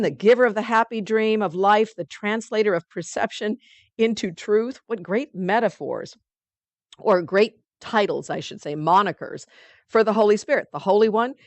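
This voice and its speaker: Woman, study group leader, mid-pitched, chatty teaching style, dry close sound. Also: no room sound. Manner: reads passages aloud, then comments in a chatty way; loose and conversational, with many fillers.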